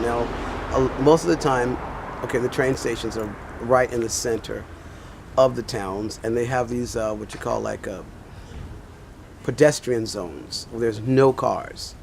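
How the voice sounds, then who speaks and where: A man's voice: medium pitch, creaky, a little hiss or hum. An older man, a pastor and teacher, telling a rambling personal story in casual talk with many fillers.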